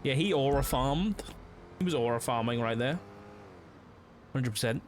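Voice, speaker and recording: A man's voice: medium pitch, lively intonation, moderate pace, slight background noise. A young man streaming a police roleplay game, chatting casually and rambling with lots of fillers. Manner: rambling, filler-heavy, with frequent "like".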